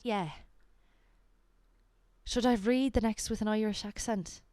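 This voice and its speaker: A woman's voice: mid-range voice, expressive, moderate pace, pauses often, darkish tone, clear, resonant tone, dry recording. A young woman chatting alone on a livestream, rambling and swearing freely and sometimes dropping into a whisper. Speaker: livestream host reading a book aloud. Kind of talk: casual solo livestream chat. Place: alone at home.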